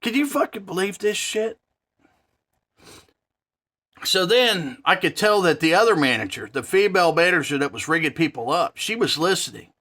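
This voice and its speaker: Heated, foul-mouthed man, high and bright. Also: expressive, moderate pace. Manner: profane, heated, rambling. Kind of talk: angry storytelling rant.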